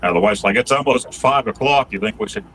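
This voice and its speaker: Bright-toned man. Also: medium pitch, fast, a little hiss or hum, low-quality recording. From Pittsburgh area, Pennsylvania. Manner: easygoing anecdote teller. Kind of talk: casual livestream chat.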